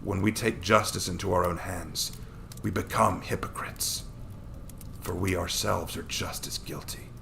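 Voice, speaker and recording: Man doing a calm, stern wanderer, low gravelly voice, soft measured delivery, fantasy read-aloud. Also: slight background noise, full character voice. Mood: gentle. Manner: soft, measured, often whispered.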